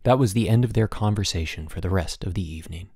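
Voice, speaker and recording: A man narrating a children's audiobook in an expressive storytelling manner. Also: low voice, fast talker.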